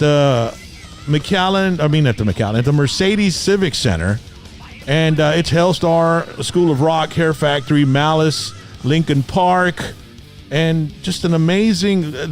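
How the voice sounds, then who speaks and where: A man's voice: on the high side, expressive, unhurried, soft background music. A man hosting a casual podcast, plugging an upcoming show in a hyped-up way. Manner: hyped, plugs events. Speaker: podcast host.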